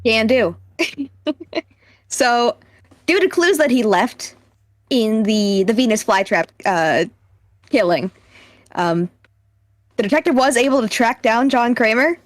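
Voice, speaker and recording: A woman's voice: on the high side, animated, slow, pauses often, no room sound, studio quality. A woman co-hosting a podcast in casual chat, teasing and blunt as she recaps a film. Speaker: podcast co-host.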